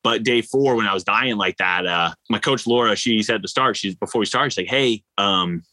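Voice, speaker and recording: A man, an endurance athlete, telling stories in a casual interview, animated and rambling with lots of fillers. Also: fairly low pitch, brisk, dry recording, low-quality recording. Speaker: ultra-endurance athlete guest.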